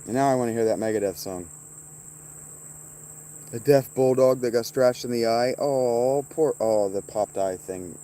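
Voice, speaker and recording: A man with a mellow, darker tone chats loosely on a livestream, drifting between stories and profane jabs at his viewers. His voice sits at an ordinary pitch, and faint crickets hiss behind him outdoors. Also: unhurried. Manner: profane, taunting viewers by name, rambling. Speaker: streamer reading chat. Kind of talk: casual livestream chat.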